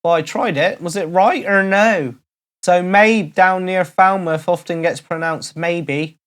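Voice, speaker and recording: A man's voice: high-pitched, fairly even intonation, normal speed, a bit bright. A middle-aged man from Cornwall, a DJ and vlogger chatting casually and jokingly to his followers, full of playful asides. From Cornwall, England. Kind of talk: casual comedic vlog chat.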